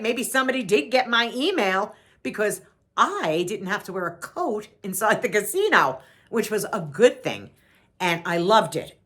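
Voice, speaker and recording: Chatty older woman with a New York accent. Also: medium pitch. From Long Island, New York. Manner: chatty, repeats herself, animated. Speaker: vlogger. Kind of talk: casual storytelling.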